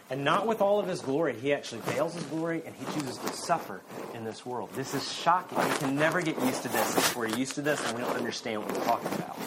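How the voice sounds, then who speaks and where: A man preaching a sermon, earnestly, with rising emphasis and then quiet intensity. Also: medium pitch, background noise. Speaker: pastor.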